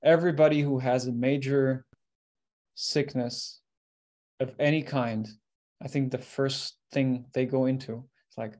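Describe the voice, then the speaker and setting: A man hosts a conversation and poses his questions haltingly, with fillers and restarts. His pitch is ordinary for a man. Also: steady tone, darkish tone. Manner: hesitant, searching for words. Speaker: interview host. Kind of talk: conversational interview.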